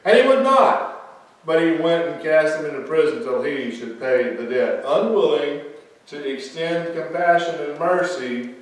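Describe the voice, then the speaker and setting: A man preaching a sermon, reading scripture slowly and then explaining it in a conversational, emphatic way. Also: fairly high pitch. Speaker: pastor. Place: church sanctuary. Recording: very echoey church sanctuary, mic at a distance.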